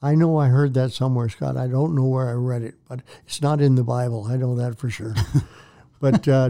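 Older man, minister, earnest preacherly testimony, warm mellow tone, smooth voice. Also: medium pitch, steady tone, normal speed. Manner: earnest storytelling, preacherly, repeats phrases. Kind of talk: testimony in a Christian talk show interview.

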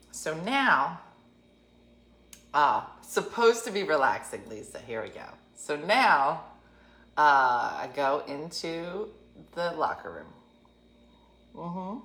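A woman in her fifties telling a comic story, animated and self-mocking. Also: lowish voice, echoey room. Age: 50s. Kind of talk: comedic storytelling.

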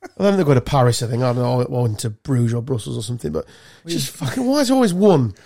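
A man from England co-hosting a podcast, telling animated, sweary travel stories in casual chat. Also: medium pitch, fast, vocal fry. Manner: swearing storyteller, animated anecdotes. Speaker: podcast co-host.

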